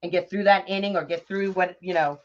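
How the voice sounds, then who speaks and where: The host of a bow-making craft livestream, a middle-aged woman, speaks briskly in a low-side voice with fairly even intonation. Casual and often laughing, she greets viewers by name over dull lo-fi audio.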